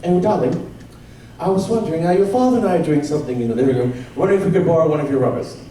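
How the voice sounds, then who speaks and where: A man's voice: on the high side, expressive, very fast, lightly acted. A man voicing a sweet, genteel little old British mother with a prim London accent, talking politely and without a clue. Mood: innocent. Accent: London English, put on. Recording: echoey hall from far off, crowd noise.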